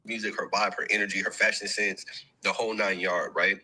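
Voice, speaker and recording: A man's voice: lowish voice, little pitch movement, a little fast, bright, forceful tone, low-quality recording. A man from the United States telling a story in a chatty opinion clip, addressing the listener directly.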